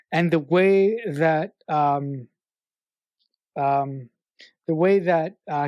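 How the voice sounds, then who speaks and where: Podcast co-host, woman, low and dry, frank and emphatic, swears. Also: no echo. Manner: emphatic, swears, speaks frankly about personal matters. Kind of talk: casual film review chat.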